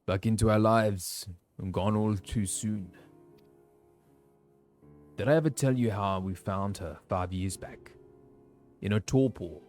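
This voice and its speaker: An actor playing an older male frontier villager, reading game dialogue aloud in a warm, unhurried storytelling manner with pauses. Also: on the low side, faint music behind. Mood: wistful.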